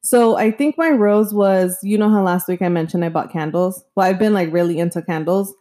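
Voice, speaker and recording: A woman co-hosting a podcast in relaxed, easygoing chat. Her voice sits at an ordinary middle pitch. She strings her thoughts together loosely, with plenty of "like" fillers. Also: fairly quick. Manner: chatty, lots of "like" fillers. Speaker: podcast co-host. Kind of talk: casual chat.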